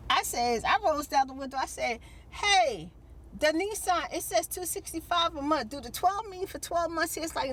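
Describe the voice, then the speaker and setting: A woman's voice: sits high, animated, measured pace, a bit bright, a little hiss or hum. A middle-aged woman vlogger telling stories to her viewers in a chatty, casual way and calling them y'all. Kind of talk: casual chat to the camera.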